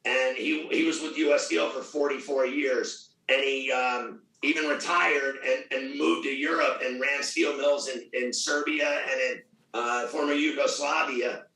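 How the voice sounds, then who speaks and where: A middle-aged man with a gravelly voice, talking loudly, boastfully and with a lot of swearing in a casual interview. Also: mid-range voice, fairly even intonation, unhurried, far from the mic, faint music behind. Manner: loud, profane, boastful. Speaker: radio host guest. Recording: echoey room, off mic.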